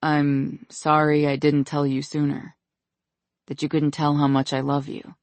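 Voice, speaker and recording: Earnest tender man in love, solemn, gravelly edge, dry close sound, read by a narrator. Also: medium pitch, monotone, unhurried, dry recording, lightly acted.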